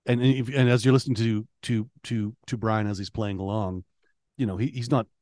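Male podcast co-host, low voice, profane teasing chatter, dry sound. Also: steady tone, darkish tone, dry recording. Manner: profane, teasing, halting with many restarts. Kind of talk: casual chat.

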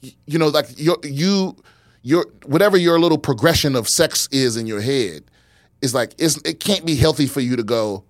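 A man's voice: on the high side, moderate pace, no room sound, clean studio sound. A man hosting a casual podcast, rambling with many restarts and swearing. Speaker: podcast host.

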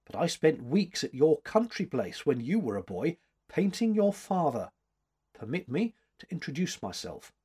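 A man reading aloud, voicing an old, stately woman painter with a crisp, dryly teasing manner. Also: fairly high pitch, big pitch swings, moderate pace, a little mellow, voice pushed up, exaggerated voice. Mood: wry.

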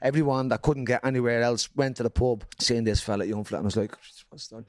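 A man's voice: medium pitch, fairly even intonation, quick pace, no room sound, studio quality. A man with a Dublin accent, a comedian guest telling stories in casual chat, swearing freely and acting out quotes. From Ireland.

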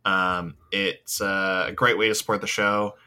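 Low-voiced man rambling on a podcast. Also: level tone, measured pace, sharp tone, clear, resonant tone. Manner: rambling, many fillers, swears. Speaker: podcast co-host. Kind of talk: casual podcast chat.

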